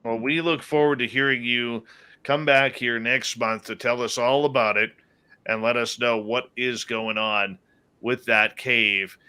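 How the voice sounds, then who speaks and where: A man's voice: mid-range voice, fairly even intonation, measured pace, bright, forceful tone, smooth. A man hosting a radio talk show, chatting casually and reading out the live chat, sounding tired and yawning.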